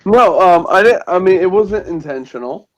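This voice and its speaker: A young man co-hosting a casual podcast, telling rambling stories with halting restarts, over faint noise. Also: high-pitched, expressive. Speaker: podcast co-host.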